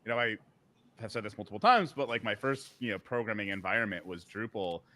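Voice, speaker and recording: A man with a fairly low voice co-hosts a live podcast panel recorded at a conference. He tells a long, rambling story in an easy chat, full of fillers and restarts. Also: lively intonation, fast talker, sharp tone. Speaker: podcast co-host.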